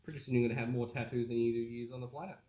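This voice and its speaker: A man's voice: medium pitch, racing, muffled recording. Joking Australian man, echoey room. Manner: joking, relaxed, swears. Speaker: tattoo artist and podcast host. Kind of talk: casual chat while tattooing.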